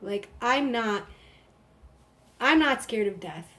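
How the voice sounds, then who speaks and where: A woman's voice: fairly high pitch, animated, takes it slowly, fairly bright tone. A woman in her thirties hosting a live stream, casual and rambling, with lots of "like". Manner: chatty, rambling, frequent "like". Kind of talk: casual chat.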